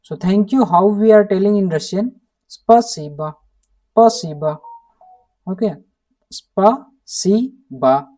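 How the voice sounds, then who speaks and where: Indian-accent teacher, mellow voice, keeps repeating words, a bit far from the mic. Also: mid-range voice, moderate pace. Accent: Indian English. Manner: repeats each word several times, prompts with "hmm?". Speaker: language teacher. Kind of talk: online language lesson.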